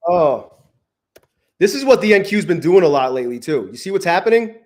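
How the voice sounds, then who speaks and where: A man streaming his futures trades live from his garage, thinking aloud and swearing often, swinging from flat muttering to loud gloating. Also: a little high, a little fast. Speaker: trading livestreamer. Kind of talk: live trading stream commentary. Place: home garage.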